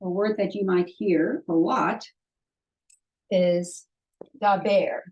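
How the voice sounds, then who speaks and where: Slow, patient woman teaching Hebrew. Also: lowish voice, darkish tone, dull audio. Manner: slow, patient, sounds out syllables for learners to repeat. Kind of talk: online language lesson.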